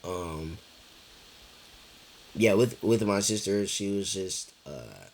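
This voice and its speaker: A young man with a low, deep voice tells a personal story straight to his audience. He talks slowly and loosely, circling back over the same words, and peppers it with fillers and swearing. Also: lively intonation. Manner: rambling, repeats himself, heavy fillers and swearing. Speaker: vlogger. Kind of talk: casual storytelling chat.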